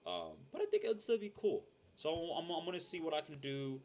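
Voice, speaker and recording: A young man, a streamer, chatting casually and rambling with lots of fillers in a deep voice. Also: wildly swooping pitch, a little fast, a little mellow, slight background noise. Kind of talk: casual chat. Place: home room. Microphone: desk mic.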